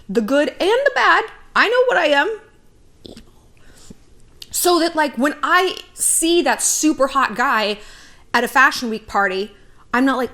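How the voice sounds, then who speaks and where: Woman vlogger, 30s, sassy and foul-mouthed advice host, voice sits a bit high. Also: a bit bright. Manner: brash, profane, sassy, acts out quotes. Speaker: YouTube dating advice host. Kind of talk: casual advice vlog.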